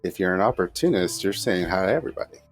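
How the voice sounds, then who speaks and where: A man's voice: low-pitched, animated, fast, husky, faint music behind. A man playing in a tabletop game, making dry, wry remarks. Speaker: player. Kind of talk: casual tabletop game chat.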